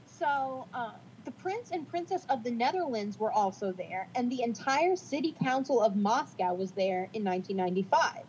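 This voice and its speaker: A woman's voice: fairly high pitch, expressive, normal speed, few pauses, darkish tone, slight background noise, low-quality recording. A woman co-hosting a casual podcast, reading from notes in a chatty, self-deprecating way. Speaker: podcast co-host.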